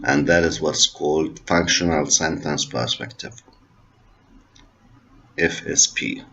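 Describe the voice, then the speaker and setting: A man with Arabic as his first language, giving a university linguistics lecture in a slow, repetitive explaining manner and switching into Arabic at times. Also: rumbling low, pushed and bright, slightly rough. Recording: dull lo-fi recording.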